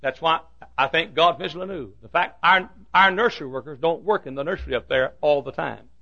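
Fiery preacher, high gravelly voice. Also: male voice, fairly quick, dull audio. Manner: fiery preaching with sudden shouts and drops to quiet. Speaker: pastor. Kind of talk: sermon.

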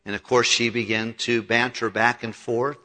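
A man's voice: mid-range voice, little pitch movement, moderate pace, pushed and bright. A male pastor preaching a sermon, retelling scripture with conversational acted-out dialogue. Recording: long hall reverb.

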